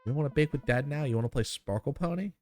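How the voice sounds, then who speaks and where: A man voicing a gentle, playful young dad who hams it up as a mock villain in a game. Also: mid-range voice, racing, faint music behind, voice pushed up, close to an everyday voice. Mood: puzzled.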